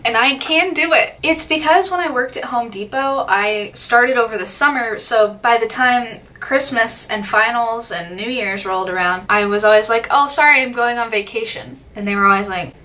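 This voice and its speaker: Bright-voiced young woman rambling candidly. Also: fairly high pitch. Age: young adult. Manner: rambling, candid and self-deprecating. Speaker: college student vlogger. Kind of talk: casual get-ready-with-me chat.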